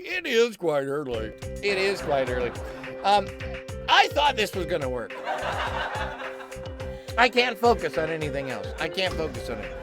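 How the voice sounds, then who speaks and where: A man's voice: on the high side, sing-song, normal speed, over music. A man hosting a comic stream, rambling and stammering, often cutting himself off and answering his own questions. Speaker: comedy stream host. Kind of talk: rambling comic livestream banter.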